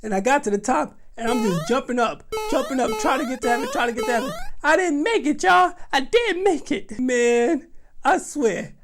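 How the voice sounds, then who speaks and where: A young man tells a comic story in an animated, dramatic, exaggerated way. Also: very high voice, moderate pace, creaky, over music. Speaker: vlogger.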